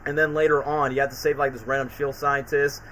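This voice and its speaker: A man's voice: medium pitch, level tone, fairly quick, fairly bright tone, a little hiss or hum, poor audio. A man hosting a live stream, rambling enthusiastically about video games with lots of fillers. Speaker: streamer host. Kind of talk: casual live-stream chat.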